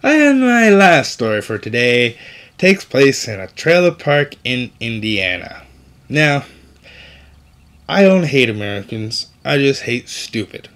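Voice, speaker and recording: A man's voice: medium pitch, sing-song, takes it slowly, fairly bright tone. A man hosting an opinionated news commentary show, delivering stories with indignant, sarcastic asides.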